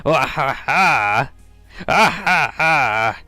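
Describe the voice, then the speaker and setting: A man's voice: medium pitch, animated, drawn-out words, pushed and bright, no echo, soft background music, full character voice. A man voicing a cackling, gloating male cyborg villain in a video game, with over-the-top evil laughter.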